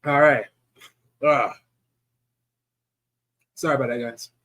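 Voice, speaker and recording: A man's voice: mid-range voice, steady tone, slow, a bit bright. A young man hosting a sports show, giving casual, emphatic football predictions and often repeating his points. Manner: repetitive, emphatic, restarts sentences.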